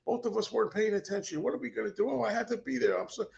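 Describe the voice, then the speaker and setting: A man's voice: high voice, very fast, vocal fry, a little mellow, lo-fi sound, pitched above the performer's own voice. A man voicing his flustered girlfriend, a young woman panicking and fretting in a whiny, frantic way. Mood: panicked.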